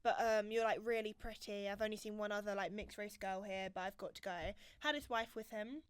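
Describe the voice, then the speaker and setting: A young woman, co-hosting a casual podcast chat and telling stories in an animated, giggly way. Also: medium pitch, a little fast, clean tone, dry recording. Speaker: podcast co-host.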